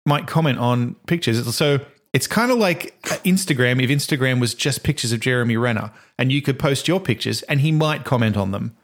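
A man's voice: mid-range voice, fairly quick, hardly any pauses. A man co-hosting a podcast, rambling and cutting himself off as he chats. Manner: rambling, self-interrupting, laughs often. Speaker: podcast co-host. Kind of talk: casual chat.

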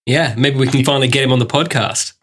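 A man's voice: mid-range voice, fairly even intonation, fast talker, fairly bright tone, husky. A man co-hosting a podcast in casual chat, playful and teasing. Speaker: podcast co-host.

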